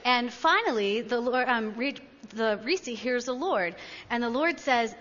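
A woman preacher telling a story in a sermon, animated and laughing easily. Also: a little high, a little slow. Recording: dull, echoey hall recording.

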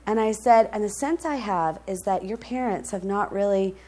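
Animated woman preaching a sermon. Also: normal speed. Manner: lively storytelling, rising to emphatic highs and dropping to soft, quiet tones; laughs often between phrases. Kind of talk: sermon with personal story.

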